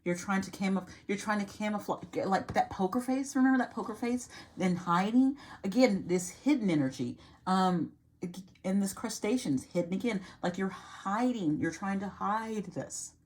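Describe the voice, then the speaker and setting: A woman's voice: medium pitch, lively intonation, moderate pace, darkish tone. A woman giving an earnest, reassuring tarot reading to camera, repeating phrases and trailing off mid-sentence. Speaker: tarot reader.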